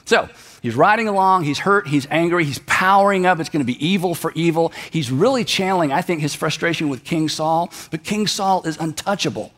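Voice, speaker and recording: A man's voice: fairly high pitch, a little fast. A man preaching a sermon, retelling a story in a conversational way and acting out the characters' lines. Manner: animated, conversational, acts out the characters. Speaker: pastor.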